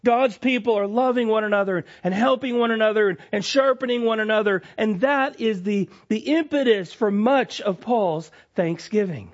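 Pastor, male, higher voice, lively preaching swinging emphatic to hushed; lo-fi church recording. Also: moderate pace, few pauses. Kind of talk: sermon. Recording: lo-fi dull sound.

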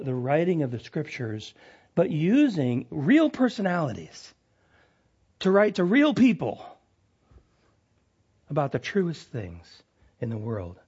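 Pastor, male, higher voice, lively preaching swinging emphatic to hushed; lo-fi church recording. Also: husky. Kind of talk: sermon. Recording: lo-fi dull sound.

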